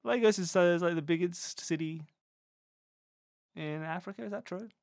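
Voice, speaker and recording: A podcast co-host in casual chat, quizzing themselves on capitals in a playful, think-aloud way that swings between loud and murmured. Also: medium pitch, normal speed, no echo, studio quality.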